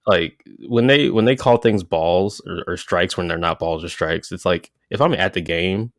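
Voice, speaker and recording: A man co-hosting a podcast, talking sports in a relaxed way with lots of fillers. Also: deep voice, moderate pace, no room sound, studio quality. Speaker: podcast co-host. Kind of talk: casual sports chat.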